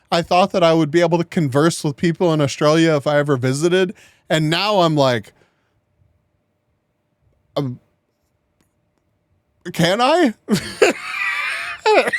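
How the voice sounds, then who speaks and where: A man's voice: on the high side, expressive, measured pace, long pauses, no room sound, clean studio sound. A man commentating casually on a live stream, laughing often and coughing between jokes. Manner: giggly, keeps laughing and joking. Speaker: streamer reacting to a video.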